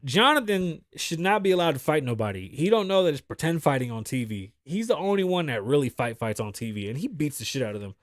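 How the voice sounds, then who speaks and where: A man's voice: a little high, fast, few pauses, no echo, studio quality. A man hosting his own podcast, telling stories in a loose, profane, rambling monologue. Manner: profane, rambling, animated storytelling. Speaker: podcast host. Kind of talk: casual monologue.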